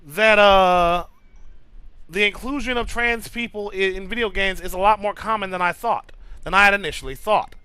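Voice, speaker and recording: Male streamer, casual chat, high bright voice, dry close mic, profane and stammering. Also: normal speed, clean tone, low-quality recording. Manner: loose, profane, stammering restarts, reads chat names aloud. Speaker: streamer chatting with viewers.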